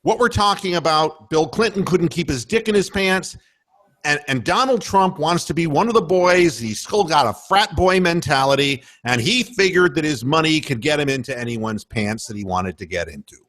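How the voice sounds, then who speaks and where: A man's voice: fairly high pitch, lively intonation, moderate pace, a bit bright. A man hosting a radio show, delivering a heated, profane political rant, stumbling and repeating himself as he gets worked up. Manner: profane, indignant, emphatic; restarts and repeats when worked up.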